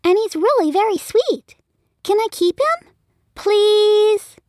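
A woman voicing a stubborn, protective young girl in an audiobook, high and insistent. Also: lively intonation, slow pace, darkish tone, no echo, clean studio sound, exaggerated voice. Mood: pleading. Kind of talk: audiobook character voice.

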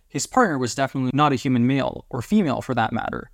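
A man narrating a homemade audiobook in a deliberate way, announcing each chapter as he goes. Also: mid-range voice, animated, creaky, dry recording, clean studio sound.

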